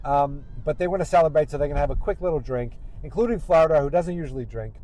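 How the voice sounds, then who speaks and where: A man's voice: a little high, fast, warm tone, low-quality recording. A man hosting a podcast, chatting casually while driving and recapping an episode in a rambling way. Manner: rambling, acts out quotes in raised voices. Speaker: podcast host. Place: car.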